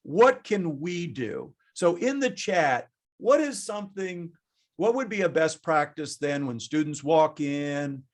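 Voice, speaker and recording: A man leads a conference session over a video call, talking in a bright, slightly raised voice. He jokes constantly and talks with his audience, lively and chatty throughout. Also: a little high, takes it slowly. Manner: jokey, animated, chatty with the audience. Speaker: conference presenter. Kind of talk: lively webinar presentation.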